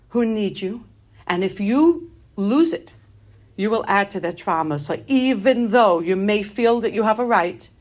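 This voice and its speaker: A middle-aged woman gives an inspirational talk built on personal stories. She speaks in an animated, humorous way and moves easily between light asides and grave moments. Her voice sits at an ordinary pitch for a woman.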